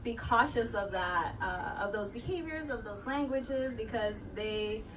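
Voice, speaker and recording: A woman hosting a live podcast panel tells stories in a chatty way and laughs often. She sounds far from the microphone, with clear background noise. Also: a little high, unhurried. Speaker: host.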